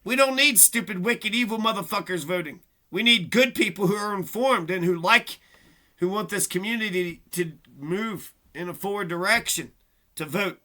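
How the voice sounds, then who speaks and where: Vlogger, male, high tense voice; rambling profane rant, aggrieved delivery. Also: normal speed, pushed and bright. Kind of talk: casual ranting monologue.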